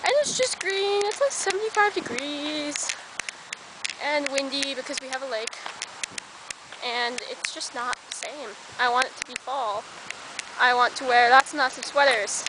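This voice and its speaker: Young woman rambling to her camera on a campus walk, high voice, lots of outdoor noise. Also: a little slow. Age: young adult. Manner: chatty, rambling asides while walking. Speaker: college student vlogger. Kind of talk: casual walking vlog. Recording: noisy outdoor camera audio.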